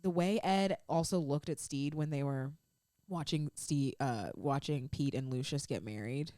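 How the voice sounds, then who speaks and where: A woman's voice: low voice, unhurried, mellow, no echo, studio quality. A woman co-hosting a fan podcast, recapping scenes in an emotional, gushing way full of "like" fillers. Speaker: podcast co-host. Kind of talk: casual fan chat.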